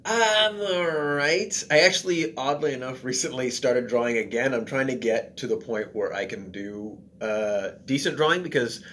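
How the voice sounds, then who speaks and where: Male guest, mid pitch, rambling self-deprecating chat full of restarts. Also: moderate pace, few pauses, a bit bright, a little hiss or hum. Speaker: guest, comedian and writer. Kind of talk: casual chat.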